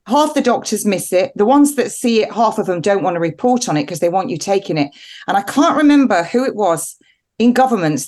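A woman's voice: mid-range voice, darkish tone. A woman nurse prescriber talking as an interview guest, emphatic and rambling, with a defiant edge. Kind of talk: animated interview talk.

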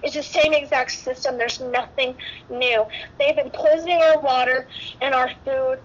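A woman's voice: high voice, steady tone, normal speed, lo-fi sound, a little hiss or hum. A woman nurse, tearful and emotional, rambling through an interview with many restarts. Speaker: guest nurse.

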